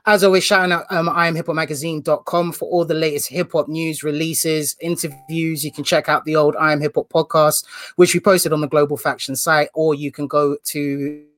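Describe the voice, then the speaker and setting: A man hosting a casual podcast, energetic and slangy, joking as he runs through plugs. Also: on the high side, fairly quick, no echo, clean studio sound. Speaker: podcast host.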